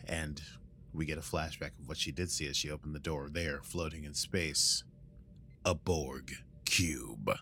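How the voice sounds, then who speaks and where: A man hosting a casual recap chat, rambling through the story and acting out quotes in goofy voices, with a morning voice that is still warming up. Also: a bass voice, flat delivery, normal speed, heavy background noise. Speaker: podcast host recapping an episode.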